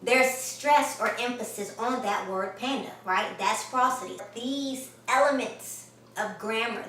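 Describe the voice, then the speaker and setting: A woman's voice: on the high side, fairly bright tone, far from the mic, slight background noise. Enthusiastic woman teaching in an echoey room. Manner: enthusiastic, emphatic, addresses viewer directly. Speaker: grammar teacher. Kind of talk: online video lesson.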